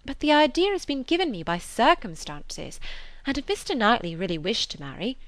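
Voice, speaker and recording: A woman reading as a kindly middle-aged woman who speaks in a measured, gently persuasive way. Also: fairly high pitch, sing-song, dry recording. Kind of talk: audiobook character reading.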